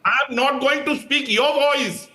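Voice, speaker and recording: Indian-accented male panelist, pleading and insistent, bright and animated, echoey remote line. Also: extremely high pitch, slow pace. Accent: Indian English. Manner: pleading, insistent, keeps asking to speak. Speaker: party spokesperson, debate panelist. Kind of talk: heated TV debate.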